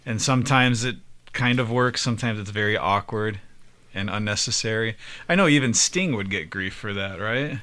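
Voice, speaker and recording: A man's voice: on the low side, moderate pace, bright, forceful tone. A man co-hosting a podcast, talking hesitantly and thinking aloud. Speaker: podcast co-host. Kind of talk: casual chat.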